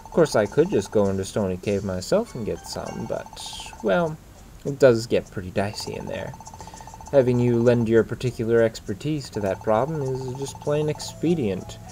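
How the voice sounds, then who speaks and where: A man voicing a cold, greedy male creature con artist, talking low, smug and sly. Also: expressive, normal speed, vocal fry, warm tone, faint music behind.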